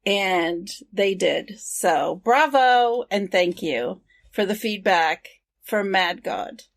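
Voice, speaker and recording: A woman with a medium-pitched voice co-hosts a casual podcast. She speaks earnestly about the film and then reads out the show's sign-off in a plain, steady way. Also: takes it slowly. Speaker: podcast co-host.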